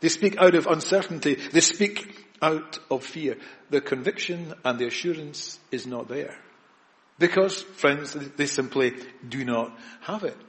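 A man preaching a sermon, earnest and emphatic, with repetitions and pauses. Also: fairly high pitch, fairly bright tone, in a large hall.

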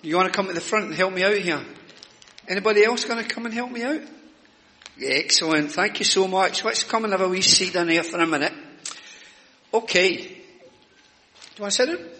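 A man's voice: high-pitched, moderate pace, pauses often, bright, forceful tone, a little hiss or hum. Chatty Scottish man in an echoey church. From Scotland. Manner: chatty and self-mocking, jokes with children. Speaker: church speaker leading the children's talk. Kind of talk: lively children's talk in a church service. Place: church hall. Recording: reverberant church hall.

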